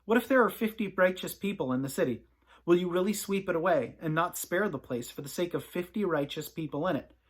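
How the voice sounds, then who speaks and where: A man's voice: high-pitched, lively intonation, a little fast, slightly rough, voice pushed up. A man reading the lines of a humble aged patriarch, pleading earnestly and hesitantly.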